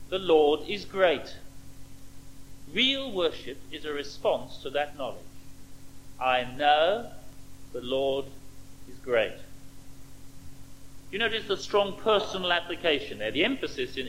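A man preaching a sermon, emphatic, slowing down with dramatic pauses and stressing key words. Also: a little high, pushed and bright, slight background noise, rough recording.

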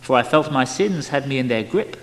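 Male reader, emotional memoir delivery with animated pitch, recorded in a reverberant hall. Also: fairly quick. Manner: expressive, emotional, wide swings in loudness. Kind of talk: dramatic reading of a spiritual memoir.

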